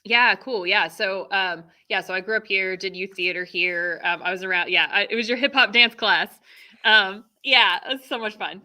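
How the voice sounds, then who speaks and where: A woman's voice: mid-range voice, normal speed, bright, forceful tone. A woman in her thirties from Texas, a theater director chatting casually as an interview guest, full of fillers and laughter. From Texas, USA.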